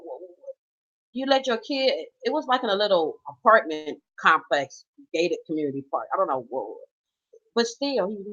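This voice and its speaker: Swearing as she goes, a middle-aged mother and grandmother rants off the cuff with real emphasis. Her voice runs a little high with a fairly bright tone, and the sound is somewhat dull and lo-fi.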